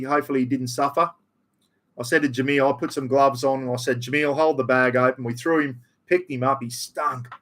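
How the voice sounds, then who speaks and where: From a home room with aircon, this middle-aged Aussie reads his livestream chat aloud in a mid-range, slightly bright voice. His manner is broad and blokey, full of "mate" and "bloody."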